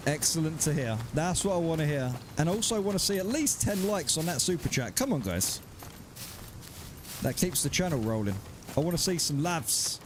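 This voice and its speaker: A man's voice: a little high, lively intonation, normal speed, noisy background. A man live-streaming a survival game, chatting casually with viewers, thanking them by name and swearing freely. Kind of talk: casual live-stream chat while playing.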